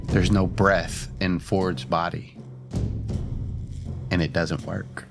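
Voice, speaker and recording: Deep-voiced man narrating slowly. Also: level tone, vocal fry, loud music behind the voice. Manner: slow, measured scene narration. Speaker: game master. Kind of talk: narrating a tabletop game.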